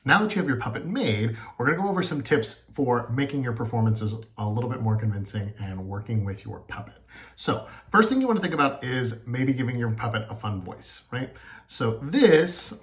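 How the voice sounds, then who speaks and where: A man's voice: medium pitch, fairly bright tone. A male teacher giving a home lesson on making and performing puppets, with friendly step-by-step instructions. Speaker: elementary school teacher. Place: at home by a table.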